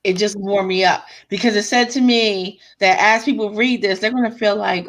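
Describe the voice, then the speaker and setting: Animated woman telling stories on a video call. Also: mid-range voice, moderate pace, few pauses. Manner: animated, profane storyteller acting out readers' reactions. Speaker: author. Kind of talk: casual group chat.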